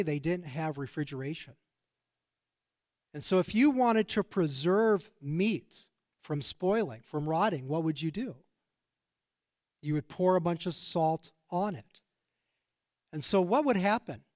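A middle-aged pastor preaching with earnest emphasis and a slightly higher-than-usual man's voice. He leans into his points and tells personal stories along the way. The sound is dry and close, with little room echo. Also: darkish tone. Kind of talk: sermon.

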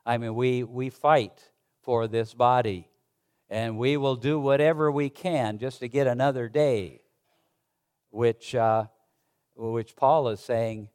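Man, pastor, sermon, slow and unhurried, halting, full of restarts. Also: medium pitch, darkish tone, clear, resonant tone. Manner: halting, conversational preaching with many restarts; reads scripture aloud in old-fashioned wording.

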